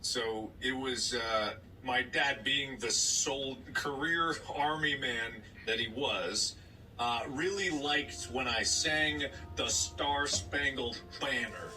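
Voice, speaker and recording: A man co-hosting a podcast, telling a story in casual chat and acting out other people in high voices. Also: slow, far from the mic, faint music behind, low-quality recording. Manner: animated storyteller, acts out voices in high squeaks. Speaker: podcast co-host.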